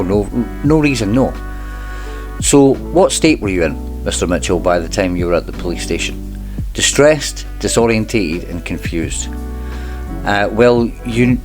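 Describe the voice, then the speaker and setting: Male host, low voice, reads court transcript aloud, measured delivery with dry wry asides. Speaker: channel host reading court testimony. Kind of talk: reading a transcript aloud with commentary.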